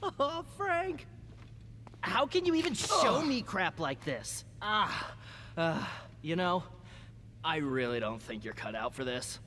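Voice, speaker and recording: Smug mocking male photographer, very drawn out, lively pitch. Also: slow pace, a little hiss or hum, full character voice. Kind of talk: video game cutscene acting.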